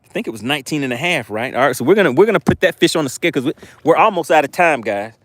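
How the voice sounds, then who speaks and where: A man's voice: on the high side, animated, racing, no echo. A man hosting a live fishing stream outdoors, reading viewer chat aloud and teasing them playfully. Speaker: fishing livestream host. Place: outdoors by the water.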